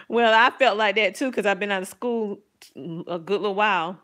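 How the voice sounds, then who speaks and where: A middle-aged woman, a homeschooling mom, chatting casually and enthusiastically about her family's math books, rambling a little and laughing softly. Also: medium pitch, steady tone, fairly quick. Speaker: homeschooling mom reviewing curriculum. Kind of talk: casual chat to camera.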